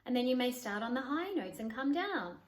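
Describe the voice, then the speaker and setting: A woman voice coach giving an instructional talk to camera, demonstrating vocal exercises by shifting her pitch and volume. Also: big pitch swings, brisk. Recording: roomy echo.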